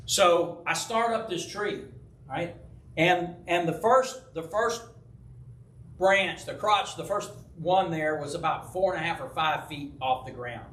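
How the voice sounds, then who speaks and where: A man's voice: on the high side, a little slow, roomy sound. A man, the pastor, teaching a Bible study in a loose, conversational way, telling personal stories, acting out voices and often checking in with "right?". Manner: animated storyteller who acts out quoted voices. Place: church hall.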